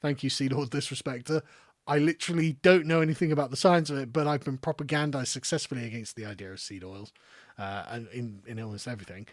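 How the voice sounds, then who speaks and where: A man's voice: mid-range voice, fairly even intonation, quick pace, dry recording, studio quality. A middle-aged English man hosting a live political stream, sarcastic and exasperated, swearing freely and laughing mid-sentence. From England. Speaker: political commentary host.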